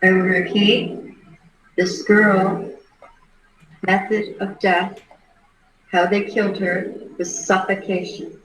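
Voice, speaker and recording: A middle-aged woman hosting a livestream, giving a halting, earnest case commentary. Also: mid-range voice, flat delivery, a bit bright. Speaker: livestream host. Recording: roomy echo.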